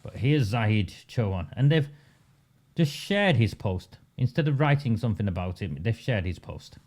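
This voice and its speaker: A man's voice: fairly low pitch, big pitch swings, normal speed, a little mellow. A man delivering a combative, sarcastic political commentary monologue, full of rhetorical questions. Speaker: local political campaigner.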